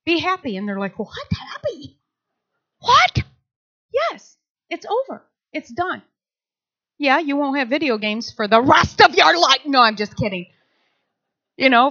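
Bright-voiced woman pastor, conversational sermon. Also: sits high. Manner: conversational, acts out little quoted voices. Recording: dull lo-fi sound.

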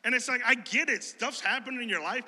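A man from Chicago preaches a sermon, talking casually and cracking jokes between stories. His high, sharp voice rings through a church hall. Long reverb trails every phrase. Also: quick pace. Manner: animated, conversational, jokey storyteller.

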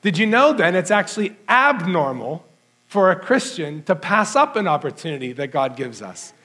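High-pitched male pastor, earnest and conversational, preaching through a personal story. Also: a bit bright.

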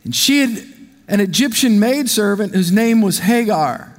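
A man preaching a sermon, lively and animated, leading the congregation in call-and-response. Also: sits high, measured pace. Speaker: pastor. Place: church sanctuary. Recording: long hall reverb.

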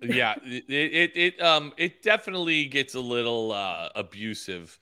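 A man's voice: medium pitch, animated, normal speed, bright, forceful tone, clean tone. A man co-hosting a podcast, joking and playful in casual chat. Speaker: podcast co-host.

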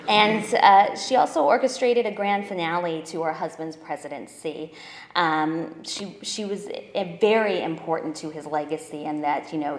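A woman with a fairly low voice talks informally as a historian and author, with frequent ums and uhs. The room around her is echoey. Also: slight background noise. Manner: conversational, many fillers. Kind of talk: informal talk.

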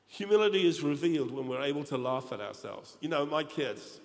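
A man's voice: on the high side, very animated, fairly quick. A middle-aged man preaching a humorous storytelling sermon, joking and talking directly to the congregation in a large church. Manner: chatty, joking, addresses the congregation. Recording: reverberant hall, faint room ambience.

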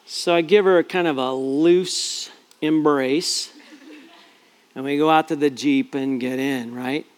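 A man's voice: a little high, steady tone, unhurried. A middle-aged man, a pastor, telling a personal family story in a chatty, self-deprecating way, full of fillers and restarts. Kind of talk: storytelling sermon.

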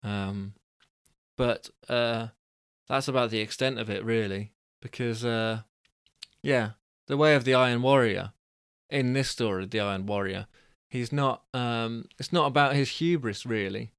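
Chatty male storyteller, smooth voice. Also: medium pitch, measured pace, fairly bright tone, no echo, studio quality. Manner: chatty, rambling, self-deprecating. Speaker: storyteller and host. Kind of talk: reading stories aloud with asides.

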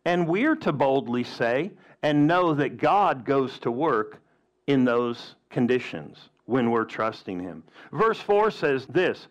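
Slow, emphatic male preacher. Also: medium pitch, big pitch swings, muffled recording. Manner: emphatic preaching, rhetorical questions. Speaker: pastor. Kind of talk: sermon.

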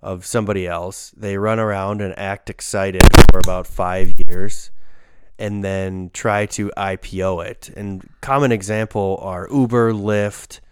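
A man co-hosting a casual podcast chat, explaining ideas in a steady, analytical way. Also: low voice, measured pace, slight background noise.

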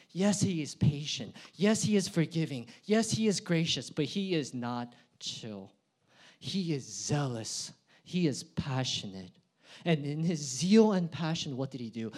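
A young adult man delivering a sermon in a fairly high voice. He builds to loud, emphatic peaks, then drops into quiet, low asides. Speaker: pastor.

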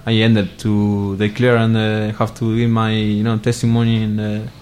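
A man from Argentina, a Spanish speaker, chatting as a guest in halting English with grammar. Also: fairly low pitch, monotone, a little mellow, slight background noise. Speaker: guest footballer. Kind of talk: casual interview chat.

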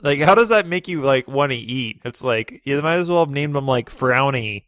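A podcast co-host banters sarcastically in casual chat. His mid-range voice has lively intonation at normal speed and sounds a bit bright, captured in clean studio sound with no echo.

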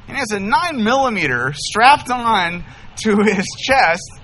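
A man in his thirties, a pastor, telling a humorous story in an animated, enthusiastic sermon. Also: high voice, unhurried, slight background noise. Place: church sanctuary.

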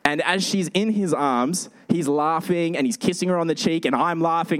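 Pastor guy preaching, kinda high voice, animated storytelling. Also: normal speed, few pauses. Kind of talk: sermon.

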